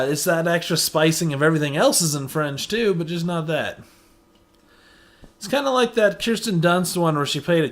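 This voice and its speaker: A man giving a casual movie review, chatty and sarcastic, often saying "you know". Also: mid-range voice. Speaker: film reviewer.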